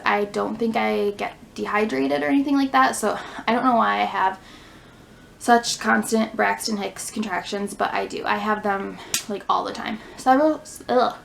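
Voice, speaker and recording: A woman's voice: medium pitch, vocal fry, fairly bright tone, slight background noise, poor audio. A young woman, a stay-at-home mom, chatting casually in a vlog, a little out of breath and full of "like" fillers. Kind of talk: casual pregnancy update vlog. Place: home near a fire station.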